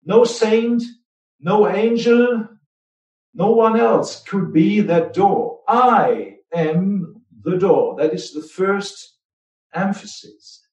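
Slow, deliberate preacher in an echoey hall. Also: male voice, high-pitched, mellow, recorded from a distance. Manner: slow, deliberate, with emphatic repetitions. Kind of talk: sermon. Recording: echoey room, voice off-mic.

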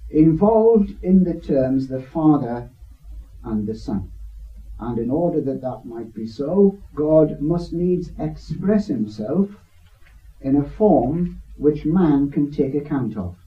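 A man speaking slowly and earnestly as he leads a Bible study discussion. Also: a little high, animated. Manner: slow, deliberate, earnest. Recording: distant, dull lo-fi recording.

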